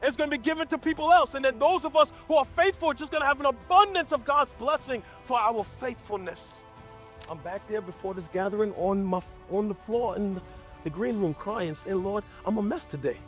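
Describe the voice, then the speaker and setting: A man's voice: very high-pitched, fairly quick, a bit bright, soft background music. A man preaching a sermon as pastor to a church gathering, impassioned, often stammering and restarting mid-sentence.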